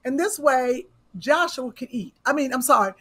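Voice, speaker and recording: A woman's voice: sits high, expressive, normal speed, pushed and bright, husky. A woman hosting a podcast, chatting casually, telling stories animatedly and teasing her co-hosts. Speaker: podcast host. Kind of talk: casual chat.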